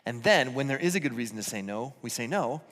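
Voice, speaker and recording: A man's voice: medium pitch, animated, fast, fairly bright tone. A man preaching a conversational sermon in a church, earnest and self-deprecating, often restarting his sentences. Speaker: pastor. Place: church auditorium. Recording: reverberant church hall.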